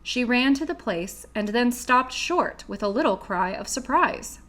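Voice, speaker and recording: A woman narrating a classic children's book in a steady, clear reading voice. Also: on the high side, a little slow. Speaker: audiobook reader. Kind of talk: storybook narration.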